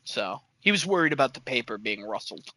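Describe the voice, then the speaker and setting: A man co-hosting a casual chat podcast, animated, laughing often and mimicking people. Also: medium pitch, a little fast, no echo. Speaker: podcast co-host.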